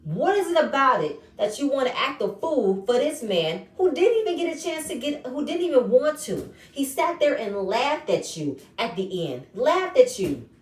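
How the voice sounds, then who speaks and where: A woman recapping a reality show episode in casual, animated commentary, acting out the quoted lines in changing voices. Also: high-pitched, normal speed, hardly any pauses, distant mic. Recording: echoey room, voice set back from mic.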